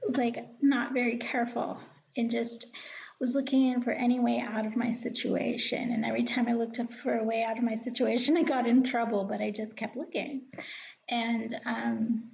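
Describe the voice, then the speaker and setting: Confiding woman with gravelly fry. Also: a little high, darkish tone, muffled recording, a little hiss or hum. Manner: rambling, confiding, drops to a whisper at times. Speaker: vlogger. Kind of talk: casual storytelling.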